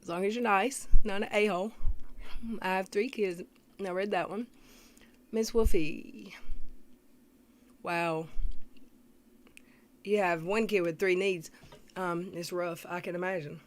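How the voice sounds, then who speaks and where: A woman's voice: on the low side, steady tone, measured pace, long pauses. Chatty woman livestream host. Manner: chatty, greets viewers, reads comments aloud; frequent throat clearing. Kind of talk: casual live commentary reading chat.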